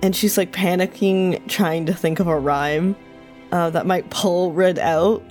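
A woman's voice: fairly low pitch, steady tone, a little slow, darkish tone, faint music behind. A woman player describing her character's actions in a tabletop game in a casual, chatty way. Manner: casual, with frequent "like" fillers.

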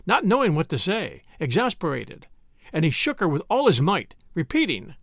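A man narrating a classic short story as the podcast's reader, in a measured storytelling manner. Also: on the high side, huge pitch swings, vocal fry, fairly bright tone, no room sound, clean studio sound. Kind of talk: scripted narration.

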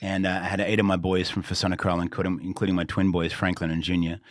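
A middle-aged man with an Australian accent, speaking in a very low voice. He is a pastor telling stories as a podcast guest, acting out the lines he quotes, and the sound is close and dry. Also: fast, dry recording. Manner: animated storyteller who acts out quoted lines. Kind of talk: storytelling in a podcast interview.

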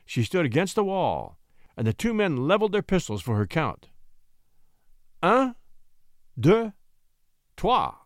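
A male narrator reading a classic tale with theatrical flair, his pitch ranging widely. The voice sits a touch higher than usual for a man, recorded dry and close. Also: dry recording. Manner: expressive, theatrical. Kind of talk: dramatic audiobook reading.

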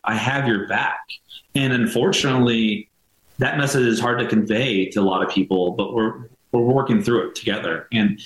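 A man's voice: mid-range voice, fairly bright tone, echoey room, poor audio. An American man, a veteran, talking in a heartfelt, rambling way with many fillers and restarts. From United States. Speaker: veteran and nonprofit co-founder, guest. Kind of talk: casual earnest interview talk.

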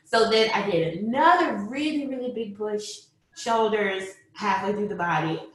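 Animated woman storyteller, very echoey room. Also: mid-range voice, moderate pace. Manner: animated, acts out quotes, laughs often. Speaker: mother telling her birth story. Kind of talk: personal storytelling to camera.

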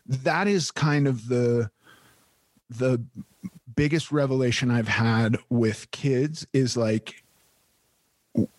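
A man's voice: medium pitch, takes it slowly, pauses often, no echo. Candid, swearing man on a podcast. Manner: candid, swears casually, frequent restarts. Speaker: podcast host. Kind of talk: casual podcast chat.

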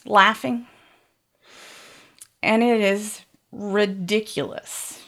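A woman's voice: mid-range voice, measured pace, fairly bright tone. A woman frankly telling a bawdy, comic first-person story.

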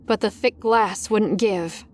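A woman's voice: medium pitch, takes it slowly, a little mellow. A woman narrating a first-person horror story in a tense, dramatic manner. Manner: tense, dramatic, rising in panic.

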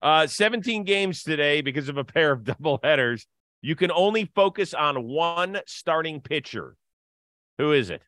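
A man's voice: fairly high pitch, expressive, moderate pace, fairly bright tone, no echo. Upbeat man reading a show sponsor spot. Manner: upbeat, teasing. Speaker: podcast host. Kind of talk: casual baseball talk and ad read.

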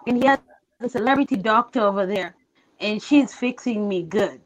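A woman's voice: mid-range voice, normal speed, low-quality recording. A woman originally from Africa calling in to a live show, chatty, confident and candid. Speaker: caller.

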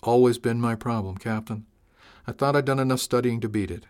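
A man's voice: medium pitch, fairly quick, darkish tone, smooth, lightly acted. A man voicing an earnest young male ship's officer who sounds modest and apologetic, in an audiobook. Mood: sheepish. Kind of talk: audiobook character voice.

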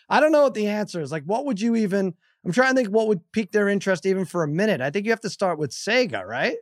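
A middle-aged man on a podcast, telling a funny story in an animated way and acting out the people in it. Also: sits high, fast, hardly any pauses, no room sound, studio quality. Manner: animated storyteller, raises his voice acting out scenes. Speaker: podcast guest. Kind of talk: casual chat.

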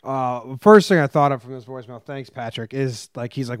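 A man's voice: mid-range voice, fairly quick, clear, resonant tone, no echo, studio quality. A man co-hosting a podcast in casual chat, wry and laid-back as he talks his thoughts through. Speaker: podcast co-host.

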